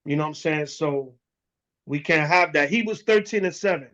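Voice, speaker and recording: High-pitched guy preaching real blunt, cussing and slangy, muffled lo-fi sound. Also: normal speed, fairly bright tone. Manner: blunt and profane, with street slang. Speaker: elder teaching a congregation. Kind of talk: preaching lesson.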